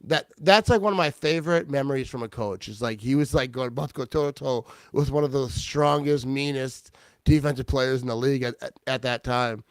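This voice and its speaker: A man hosting a casual sports talk show, excitable and quick to laugh, often restarting his sentences. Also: mid-range voice, no room sound. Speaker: podcast host.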